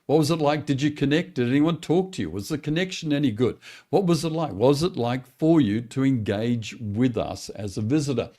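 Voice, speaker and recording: A man's voice: medium pitch, expressive, brisk, mellow. A man coaching pastors in a webinar, talking in an encouraging, conversational way. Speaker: church growth coach. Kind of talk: teaching webinar talk.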